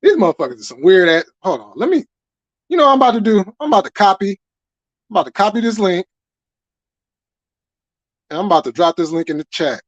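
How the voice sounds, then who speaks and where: A man's voice: high-pitched, very animated, fast, long pauses, no echo, dull audio. Profane man hosting a livestream. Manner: profane, loose and rambling. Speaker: livestream host. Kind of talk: casual livestream chat.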